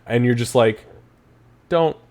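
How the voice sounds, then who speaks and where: A man's voice: mid-range voice, measured pace. A man running a tabletop game, narrating casually with swearing and laughter. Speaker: game master.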